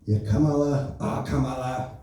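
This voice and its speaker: A man's voice: medium pitch, steady tone, normal speed, mellow, far from the mic, lightly acted. A man putting on a boastful, rambling impression of an older male president during a stand-up set in a comedy club. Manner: brash, bragging, rambling. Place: comedy club open mic. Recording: echoey club recorded from afar.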